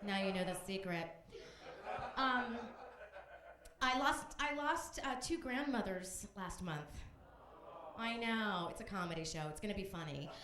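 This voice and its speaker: A woman's voice: mid-range voice, measured pace, pauses often, background noise. A woman comedian from Texas doing a conversational stand-up set, bantering with the crowd on a club stage. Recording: echoey live club room.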